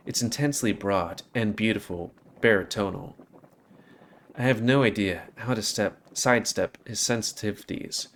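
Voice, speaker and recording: A man reading a visual novel aloud with an expressive delivery and hesitant, stumbling asides. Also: on the low side, slight background noise.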